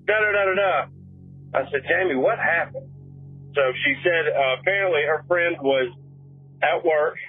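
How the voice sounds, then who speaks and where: A young man calling in to tell his own story, rambling, repeating himself and correcting himself as he goes. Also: medium pitch. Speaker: caller sharing a personal story. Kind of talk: casual spoken storytelling. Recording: tinny phone line with faint music.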